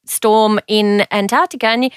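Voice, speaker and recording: Woman cohost, mid pitch, wry, lots of yeahs, dry close sound. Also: fairly even intonation, moderate pace, clean tone, no echo. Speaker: podcast co-host. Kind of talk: casual podcast chat.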